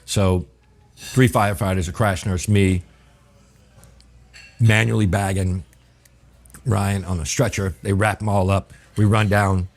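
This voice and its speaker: As a guest in a relaxed interview, a middle-aged chef from New Orleans, USA, tells a story in a very low voice. He's vivid and profane, acting out the dialogue, and speaks a little slowly with frequent pauses.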